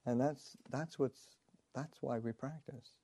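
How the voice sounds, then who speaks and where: A man, a Buddhist monk, telling a story in a dharma talk, halting with many pauses and fillers and chuckling along the way. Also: medium pitch, mellow.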